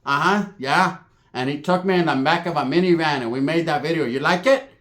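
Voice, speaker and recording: A brash middle-aged auntie, as a man puts her on, talking a little higher and slower than his own voice. She is pushy and demanding, with no shame at all. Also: a bit bright, natural voice. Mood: bragging.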